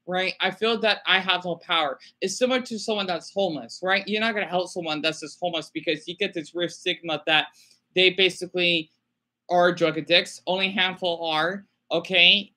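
A stressed man on a home live stream, his bright, forward voice catching as he stops and restarts. He keeps repeating himself and apologizing, talking into a webcam mic. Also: sits high, steady tone. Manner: halting, repetitive, apologetic. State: stressed and distressed. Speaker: small YouTuber livestreaming. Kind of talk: emotional live stream talk.

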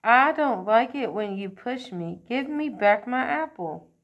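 A woman's voice: medium pitch, animated, normal speed, muffled recording, natural voice. A woman reading aloud and voicing a small, shy boy lightning bug who speaks up firmly and emphatically. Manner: firm, emphatic, a bit louder than the narration.

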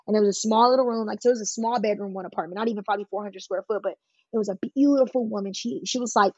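A woman sits for an interview and tells her story in a husky voice, plainly and with emphasis, slipping into the voices of people she quotes. The sound is dull and dry, like a lo-fi recording. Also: medium pitch, rapid-fire, darkish tone, no room sound. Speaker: guest telling her life story. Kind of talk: candid conversational storytelling.

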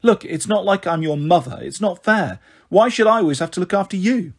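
A man's voice: high voice, lively intonation, brisk, vocal fry, husky, full character voice. A man playing a defiant teenage girl. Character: defensive teenage girl, older sister.

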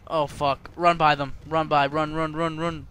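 A man's voice: fairly high pitch, level tone, measured pace. A young man doing gameplay commentary, cursing and trash-talking the characters on screen. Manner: profane, trash-talking, yelling at game characters. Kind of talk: let's play commentary.

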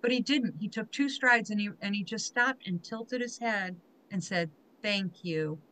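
Female host, bright voice, heartfelt and emotional storyteller. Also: on the high side, moderate pace, poor audio. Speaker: podcast host. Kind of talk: conversational interview.

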